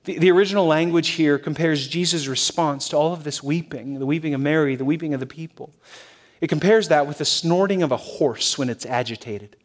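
A male pastor preaching a sermon in a church, shifting between loud emphasis and hushed softness. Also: a little high, a little fast. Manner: expressive, swings from loud to hushed.

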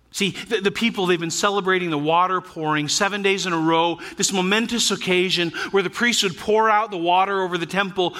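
A man preaching a sermon to his church, animated, swinging between loud emphasis and hushed asides and joking with the congregation. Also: high-pitched. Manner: jokes with the congregation and laughs at his own asides. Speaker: pastor.

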